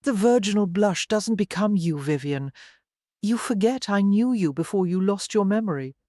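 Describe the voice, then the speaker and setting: A narrator voicing a proud, surly young gentleman in an audiobook, speaking gruffly and acidly. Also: medium pitch, animated, normal speed, no echo, clean studio sound, pitched above the performer's own voice, lightly acted. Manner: gruff, acid, frustrated. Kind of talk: audiobook character voice.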